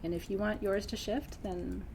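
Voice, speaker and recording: A woman who teaches spiritual practice, talking earnestly to her students close to tears, dropping to a hush and then rising with bright laughs. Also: mid-range voice, steady tone, moderate pace, gravelly, slight background noise. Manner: earnest, swings between hushed intensity and laughing brightness. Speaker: spiritual teacher hosting a member Q&A. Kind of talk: emotional heartfelt address to students.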